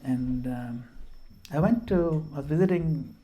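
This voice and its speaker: In somewhat dull audio, a man with a fairly high voice talks a little slowly. He's a self-mocking storyteller from Gujarat, India, delivering an informal spiritual talk with stories at a devotional home program, sprinkling in Hindi and Sanskrit verses.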